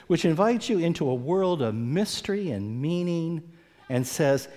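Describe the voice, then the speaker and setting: A man preaching an earnest sermon, often repeating words as he goes and acting out quoted voices with big swings in pitch. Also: very animated, unhurried, dark tone. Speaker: pastor. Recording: long hall reverb.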